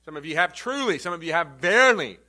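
A male pastor preaching a sermon, emphatic, rising loud and then dropping to a low, quiet delivery. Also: little pitch movement, rapid-fire.

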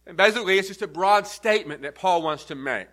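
A pastor delivering an earnest sermon, teaching step by step and leaning hard on key words. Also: male voice, high-pitched, quick pace, fairly bright tone. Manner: earnest, emphatic teaching with repeated stresses. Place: church.

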